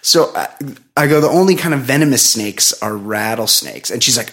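A middle-aged man tells a neighborhood story on a podcast in a loose, rambling way, with filler "likes" and little laughs. His pitch sits right in the middle of the range for a man. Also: animated, brisk, a bit bright. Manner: rambling anecdote full of "like", laughs often. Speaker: podcast co-host. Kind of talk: casual storytelling chat.

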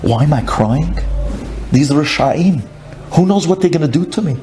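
A man's voice: a little high, expressive, normal speed, mellow, faint music behind, natural voice. A man voicing a frightened young captive girl who pleads through tears.

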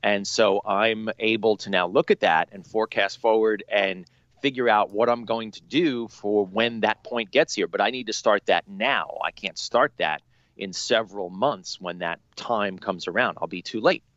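A man's voice: fairly low pitch, moderate pace, dry recording, muffled recording. A man co-hosting a podcast about money, chatting casually with lots of ums and restarts. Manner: relaxed, filler-heavy. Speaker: podcast co-host.

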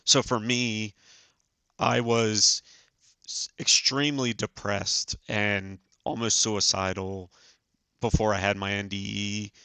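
A man in his forties, a podcast guest, telling a personal story in an earnest, halting way with many fillers. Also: on the low side, steady tone, sharp tone, no echo. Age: 40s. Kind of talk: casual storytelling.

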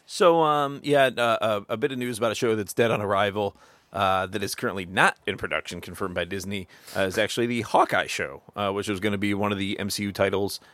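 A man's voice: on the low side, steady tone, fast, fairly bright tone, no echo. A man hosting a casual podcast, reading out news with lots of fillers and frequent laughter. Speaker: podcast host. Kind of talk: casual chat.

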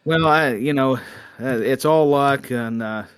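A man's voice: medium pitch, a little slow, a bit bright, clean tone, no room sound. Jokey man with a dry sound. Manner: jokey, self-deprecating, stammers on restarts. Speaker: podcast co-host. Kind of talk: casual chat.

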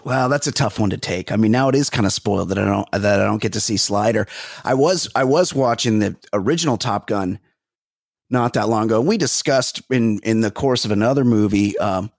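A man's voice: lowish voice, fairly quick, vocal fry, no echo, studio quality. A man co-hosting a comedy podcast, telling stories with jokey exaggeration in casual chat. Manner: animated storytelling, jokey exaggeration. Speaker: podcast co-host.

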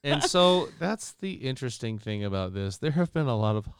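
A man co-hosting a casual review podcast, telling stories in an animated way and swearing freely. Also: medium pitch, moderate pace, clear, resonant tone, no echo, clean studio sound. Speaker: podcast co-host.

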